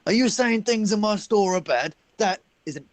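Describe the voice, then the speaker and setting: A man's voice: lively intonation, moderate pace, no room sound. A man voicing a blustering, shifty middle-aged male shopkeeper in a tabletop game. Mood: indignant. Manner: indignant then fawning, rising squeaky pitch.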